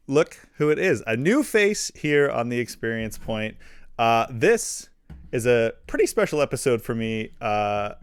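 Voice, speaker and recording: Man, stream host, casual interview, upbeat, laughs often, mid pitch, dry close mic. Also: fairly bright tone, clean tone, dry recording. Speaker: podcast host.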